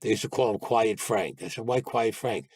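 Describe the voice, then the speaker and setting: Interviewed as a guest recounting his past crimes, a man tells blunt, profane stories and acts out the lines of the people in them. His voice is lowish, a little mellow and slightly rough, at a moderate pace with no room sound.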